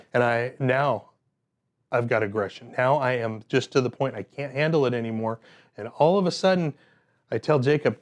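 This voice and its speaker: A man's voice: medium pitch, normal speed. A man teaching a workplace safety class, telling personal stories in a conversational way with frequent fillers.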